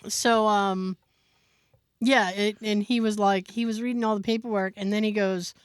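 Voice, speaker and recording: The woman co-hosting this podcast shares an anecdote in casual chat, acting out other people's remarks with animation. Her medium-pitched voice is clear and resonant at a normal speed, with no echo.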